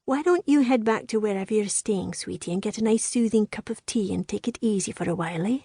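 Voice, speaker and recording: A woman's voice: mid-range voice, brisk, vocal fry, warm tone, slightly rough, no room sound, studio quality. A woman voicing a kindly female medic with a Scottish accent, speaking in a soothing, motherly way. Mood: gentle.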